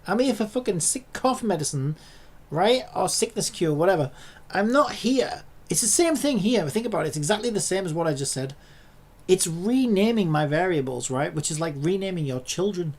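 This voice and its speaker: A man narrates his coding in a casual vlog, swinging from low muttering to sharp outbursts. He swears freely and rants at his tools with a gravelly, fry-laden voice. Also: animated, normal speed. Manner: exasperated, swearing, ranting at the screen. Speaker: hobby programmer.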